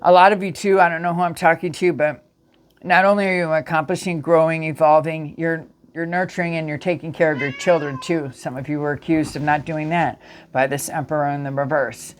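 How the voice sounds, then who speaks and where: A woman's voice: deep voice, steady tone, a little fast. A woman giving a casual spiritual tarot reading to her viewers, earnest and emphatic, often restarting her sentences. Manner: earnest, emphatic, with frequent restarts and self-corrections. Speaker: tarot reader.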